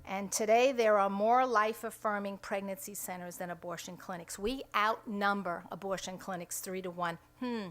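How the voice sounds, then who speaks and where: Middle-aged woman, center director, emphatic press statement at a podium mic, medium pitch. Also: moderate pace, few pauses, a bit bright. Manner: emphatic, re-enacts quoted dialogue. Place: indoor room at a state capitol.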